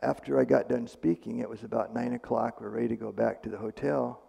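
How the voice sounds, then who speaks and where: A man's voice: medium pitch, fairly even intonation, brisk, creaky, warm tone, slightly rough. A man, a medical missionary speaker, retelling a testimony in a casual, conversational way with fillers and restarts, in a church hall. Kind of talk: storytelling testimony.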